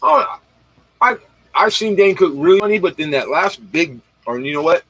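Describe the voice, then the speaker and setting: A man's voice: fairly high pitch, animated, moderate pace, a bit bright, breathy edge, no room sound, poor audio. A man hosting a casual late-night livestream, rambling in slang and talking straight to his viewers. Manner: rambling, slangy, talks straight to viewers, retells comedy bits. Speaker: livestream host.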